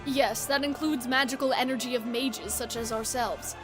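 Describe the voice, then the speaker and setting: A woman voicing a composed, learned young male sorcerer who explains things in a measured way. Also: a little high, steady tone, over music, voice pushed down, lightly acted. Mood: calm explaining.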